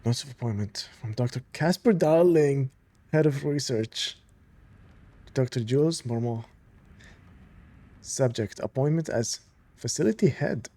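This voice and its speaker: A man with a warm, mid-range voice comments animatedly at a moderate pace while playing through a story game. In this casual let's-play, he reads in-game documents aloud between enthusiastic fan remarks.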